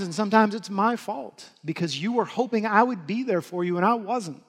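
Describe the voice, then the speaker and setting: A male pastor giving an earnest sermon, swinging between loud urging and soft, hushed lines. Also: high-pitched, brisk, few pauses, slightly rough. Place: church hall. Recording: long hall reverb.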